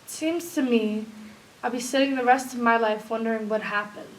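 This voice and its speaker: A woman's voice: steady tone, brisk, natural voice. A young woman acting a distraught woman in a stage scene, pleading and resigned. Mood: despairing. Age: young adult. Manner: pleading, then low and resigned. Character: distraught woman, anxious and despairing. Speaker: actor. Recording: echoey room, distant mic.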